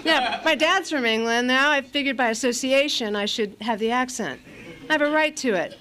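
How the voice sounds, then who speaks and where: A woman's voice: sits high, moderate pace, a bit bright. A middle-aged woman from California giving a candid recovery share at a meeting, blunt, profane and self-mocking, with a lot of fillers.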